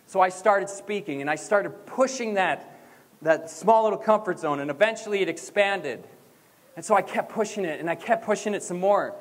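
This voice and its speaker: Young male motivational speaker, high voice, school hall with long reverb, energetic and chanting. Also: moderate pace. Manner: energetic, leads chants with the crowd. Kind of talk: graduation speech. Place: school gym or auditorium.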